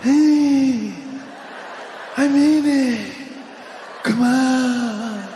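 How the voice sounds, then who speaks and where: A man impersonating a rambling older male politician who mumbles and then shouts. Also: very high voice, fairly even intonation, drawn-out words, roomy sound, in a large hall, a faint crowd, a little hiss or hum, voice pushed up, heavily acted. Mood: blustering.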